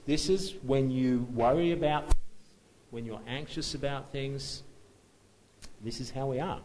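A man's voice: medium pitch, darkish tone, slight background noise, poor audio. A man preaching a sermon in a conversational, self-deprecating way, often restarting and chuckling at himself.

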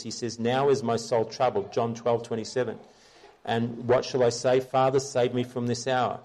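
A man's voice: medium pitch, darkish tone. A man preaching a conversational Bible-teaching sermon, earnestly explaining scripture and checking in with his listeners.

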